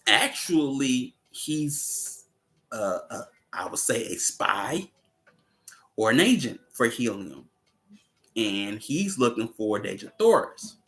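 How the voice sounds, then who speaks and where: A man's voice: mid-range voice, big pitch swings, slow pace, fairly bright tone. A man hosting a casual movie commentary, rambling and often chuckling and asking "you know what I'm saying". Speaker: host.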